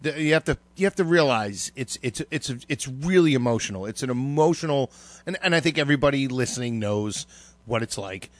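A man co-hosting a casual talk show, his voice mid-pitched and recorded dry and close. He rambles through an emotional story with a lot of profanity, halting and restarting. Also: lively intonation, dry recording. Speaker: radio show co-host. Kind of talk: casual podcast chat.

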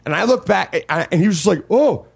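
A man co-hosting a casual chat, retelling an encounter in an animated, profane way. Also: high-pitched, fast talker, vocal fry, husky.

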